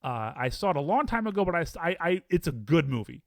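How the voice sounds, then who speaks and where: A man rambles cheerfully through a ranked list of films, asking himself aloud which title beats which. His voice sits a bit high and swings widely in pitch. The sound is close and dry, with no room around it. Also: big pitch swings, fast, vocal fry, no room sound. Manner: chatty, enthusiastic, debates rankings aloud with himself. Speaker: film reviewer. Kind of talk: casual film-ranking monologue.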